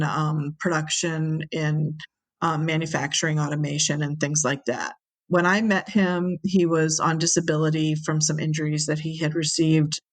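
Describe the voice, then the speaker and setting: A woman telling a story as an interview guest, animated and acting out the people she quotes. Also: fairly low pitch. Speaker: interview guest, brewery owner.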